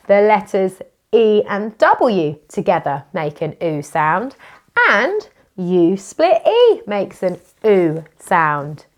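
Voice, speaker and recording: A British woman teaching children phonics, with a slow, sing-song and encouraging manner. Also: medium pitch.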